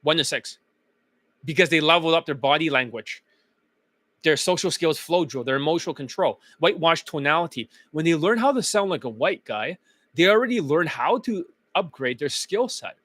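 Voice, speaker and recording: A man's voice: fairly high pitch, expressive, moderate pace, fairly bright tone, no echo. Emphatic, profane male dating coach. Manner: emphatic, blunt and profane, chanting phrases over and over. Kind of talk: profane motivational coaching monologue.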